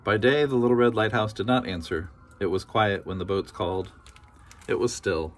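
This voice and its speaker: A man reads a children's picture book aloud, his voice sitting on the low side. He tells the story gently and rhythmically, leaning into its repeated phrases. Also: normal speed. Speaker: storybook reader.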